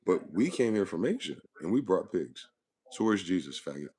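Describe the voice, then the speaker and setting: A man's voice: low voice, very animated, moderate pace, darkish tone, slightly rough. A man hosting a profane, aggressive monologue, hectoring his listeners with rhetorical questions. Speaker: channel host. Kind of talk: ranting monologue.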